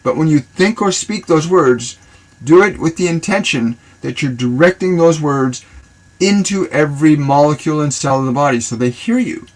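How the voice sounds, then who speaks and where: A man's voice: on the high side, normal speed, poor audio. A man on a live stream answering viewer questions as a spiritual reader, loose and rambling, repeating himself and voicing affirmations. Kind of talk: casual live-stream guidance. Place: live social video stream.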